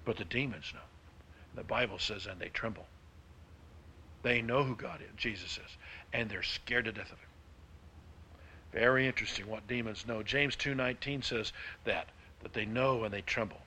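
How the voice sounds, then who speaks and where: A man preaching a sermon, with emphatic delivery that swings between hushed and loud. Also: mid-range voice, moderate pace, slight background noise. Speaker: pastor.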